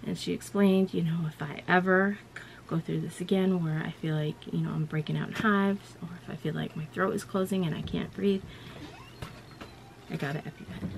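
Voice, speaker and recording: A woman vlogger with a low, gravelly voice rambles through a personal story in casual chat, often saying "you know" and "like." Her tone is steady and her pace moderate, with a faint hum in the background.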